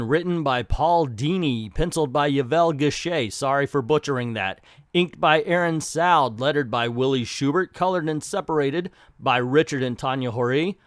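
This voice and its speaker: A man hosting a casual comic book show, with a voice a bit higher than most men's. He talks in a chatty, excited way, full of asides. The sound is dry and close, with no room echo. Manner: chatty and enthusiastic, with asides and restarts. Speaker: comic book review host.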